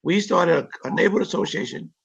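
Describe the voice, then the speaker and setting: A man's voice: sits high, fast, vocal fry, husky. A man, a city council member, giving earnest, emphatic interview answers and often repeating words as he builds a point. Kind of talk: interview answers about community issues. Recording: dull lo-fi live-stream audio.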